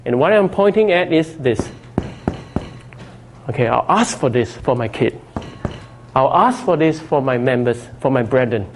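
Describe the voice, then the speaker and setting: Preaching in a relaxed, conversational way, a middle-aged pastor keeps saying "you know" and "okay" to the congregation. He's animated but a little slow, pausing often, in a mid-range voice with a slight hiss or hum on the recording.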